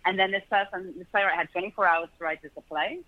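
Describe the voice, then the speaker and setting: A man's voice: sits high, fairly even intonation, fast, dry recording, phone-quality sound. A man with a British accent, chatting as an interview guest, restarting his sentences and laughing easily. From Britain. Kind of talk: casual interview chat.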